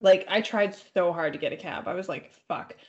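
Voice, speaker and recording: A woman's voice: on the low side, a little fast, darkish tone, lo-fi sound. A woman co-hosting a podcast from home, telling a story in a rambling, casual way and swearing freely. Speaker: podcast co-host.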